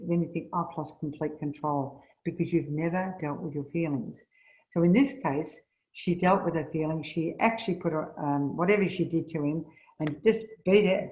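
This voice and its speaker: A middle-aged woman leading a spiritual seminar, telling stories and acting out the people she quotes with rising pitch. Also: a little mellow. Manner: storytelling, acts out quoted voices with rising pitch. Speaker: seminar leader. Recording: echoey room.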